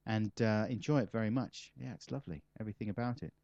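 A man's voice: on the low side, quick pace, a little mellow, no echo. A man, a comedian being interviewed, chatting casually in a rambling, self-mocking, wry way. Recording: slightly muffled dry recording.

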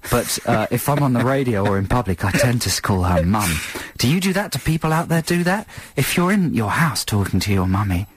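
A man's voice: medium pitch, fairly quick, few pauses, husky, no echo. A man co-hosting a radio show, chatting casually with lots of laughter. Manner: chatty, lively banter with frequent laughs. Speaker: radio co-host. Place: radio studio.

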